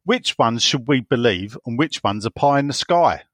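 A man's voice: medium pitch, lively intonation, moderate pace, fairly bright tone, dry recording, clean studio sound. A man co-hosting a casual football podcast, reading out listener messages with teasing, jokey banter and frequent laughter.

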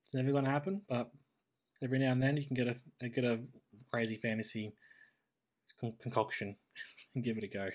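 Australian man, podcast co-host, casual chat, mid-pitched, lively tangents. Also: a little fast, long pauses. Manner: chatty, animated when quoting characters. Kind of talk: casual chat reviewing a cartoon.

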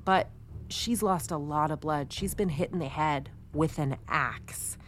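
A woman's voice: sits low, a little slow, a little hiss or hum. A woman co-hosting a podcast, telling a true-crime story in a chatty, casual way with many fillers. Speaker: podcast co-host.

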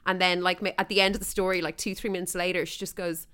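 A woman's voice: on the low side, flat delivery, very fast, few pauses, fairly bright tone, smooth. An Irish woman hosting a podcast, telling gossipy stories in casual chat with plenty of laughter. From Ireland. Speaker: podcast host.

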